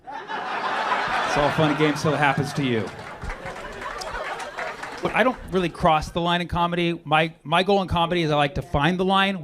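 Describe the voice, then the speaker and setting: A man doing a stand-up comedy set on a club stage, riffing with the audience and punching up his lines. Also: fairly high pitch. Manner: conversational, riffing with the crowd, loud punchlines. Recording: live club recording with crowd noise and laughter.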